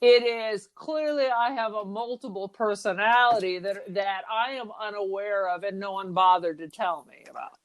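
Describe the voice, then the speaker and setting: A woman's voice: medium pitch, normal speed, few pauses, clear, resonant tone. A woman co-hosting a podcast, discussing a horror film in a wry, sarcastic, casual way. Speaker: podcast co-host.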